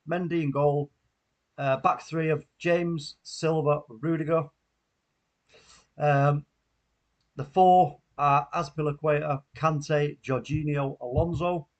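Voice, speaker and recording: A man hosts a live football watchalong stream, reading viewer comments aloud and laughing often. His voice sits a little high for a man. He keeps the talk loose and chatty. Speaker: watchalong host. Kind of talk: casual live stream chat.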